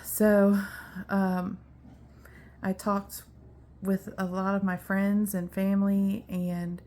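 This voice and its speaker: A woman speaks slowly and evenly in a personal video diary, her pitch staying mostly level. She sounds earnest and reflective and repeats key points for emphasis. She is a little out of breath as she talks. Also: darkish tone. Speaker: vlogger.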